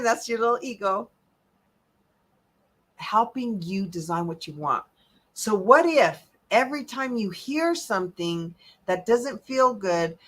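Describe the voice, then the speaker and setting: Lively woman health coach, motivational talk, punchy then hushed. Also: a little high. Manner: animated, emphatic, swings between loud and soft.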